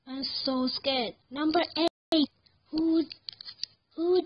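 A woman giving live commentary on her gameplay, excitable, yelling at the game and repeating words over and over. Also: high-pitched, a little slow, long pauses, slightly rough, lo-fi sound.

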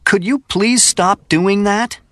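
A man's voice: sits high, slow pace, fairly bright tone, no room sound. An actor playing a tired, exasperated man in a textbook listening dialogue. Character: tired man at work and on a drive.

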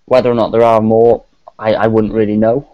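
A man's voice: fairly low pitch, little pitch movement, a little fast, dark tone, dry recording. A man with a Welsh accent, a guest on a live-streamed chat, laid back with dry humour. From South Wales. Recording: dull lo-fi mic.

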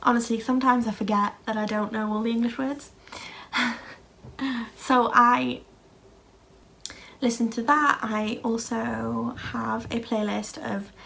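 A woman's voice: on the high side, vocal fry, a bit bright, a little hiss or hum. A woman vlogger talking casually to camera in a rambling, chatty way, full of fillers and restarts.

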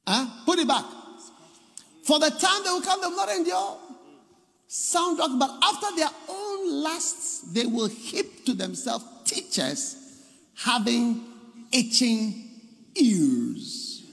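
A man with a Ghanaian accent preaching a sermon, dropping to low murmurs and then bursting into shouted lines. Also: animated, unhurried, creaky. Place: large seminar hall. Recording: echoey hall reverb.

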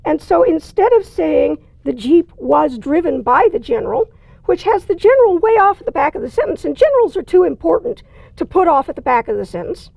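A woman's voice: very high-pitched, very animated, a little fast, gravelly, darkish tone, dry recording. A woman teaching a writing lesson, explaining in a plain, conversational way with dry asides. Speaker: writing instructor. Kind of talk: recorded lecture.

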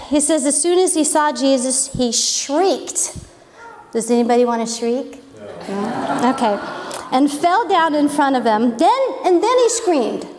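A woman's voice: high-pitched, expressive, a little slow, noisy background. A woman giving an informal Bible lesson, chatty and wondering aloud. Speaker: Bible teacher. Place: church hall. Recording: echoey hall with long reverb.

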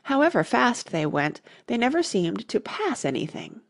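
A woman narrating an audiobook in an expressive storytelling manner. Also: fairly high pitch, moderate pace, creaky, dry recording, studio quality. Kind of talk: scripted narration.

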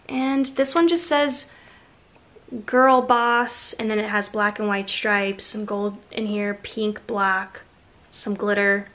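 A woman's voice: on the high side, a bit bright. A woman in her thirties chatting casually through a shopping haul, gushing with enthusiasm over each item. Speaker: haul vlogger. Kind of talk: casual show-and-tell haul.

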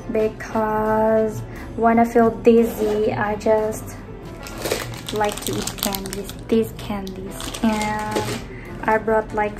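Slow-talking chatty young woman vlogger. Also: fairly high pitch. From Philippines. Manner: rambling and chatty, trailing off softly. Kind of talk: casual chatty vlog. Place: indoors at home.

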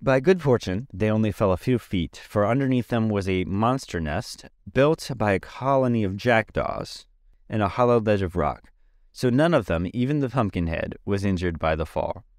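A man's voice: fairly low pitch, animated, normal speed, no echo, studio quality. A man giving an amateur audiobook reading of a children's story, plain and dotted with 'uh' fillers. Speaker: podcast reader.

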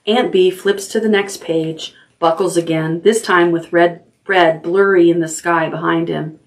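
A woman librarian reading a chapter book aloud at bedtime, calm and steady. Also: fairly low pitch, measured pace, few pauses.

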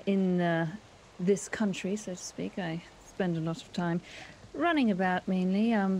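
A woman's voice: mid-range voice, darkish tone, a little hiss or hum, natural voice, rough recording. A woman voicing a cagey, well-travelled female forger who speaks hesitantly and evasively.

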